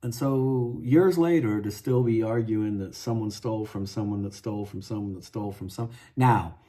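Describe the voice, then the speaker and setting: Speaking in a lowish, dark voice at a moderate pace, a guitar vlogger rambles through a frustrated rant. He keeps restarting, wandering into asides, and saying "you know".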